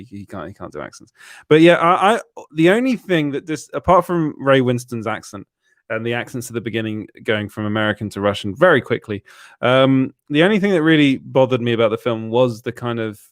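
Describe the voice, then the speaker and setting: A man's voice: medium pitch, dry recording, studio quality. A man co-hosting a casual podcast chat, laughing often and giving blunt opinions. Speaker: podcast co-host.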